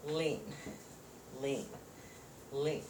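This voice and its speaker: A woman whose voice sits low draws out her words in a flat delivery while instructing chair yoga. She counts the moves and offers encouragement, a bit out of breath, with a distant mic, roomy echo, and faint noise in the recording.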